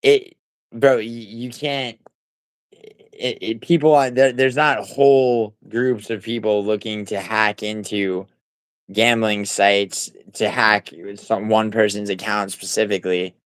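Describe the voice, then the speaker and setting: Streamer guy, lowish smooth voice, casual rambling chat with chat callouts, salty language. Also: steady tone, slow pace, no room sound, rough recording. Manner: rambling, many fillers and restarts, swearing; talks back to chat viewers. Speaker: livestream host. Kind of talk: casual livestream chat, reading chat.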